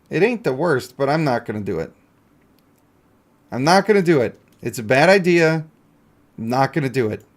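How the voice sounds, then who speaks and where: A male game streamer in casual live-stream commentary, chatty and joking as he talks to himself and his chat. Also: on the high side.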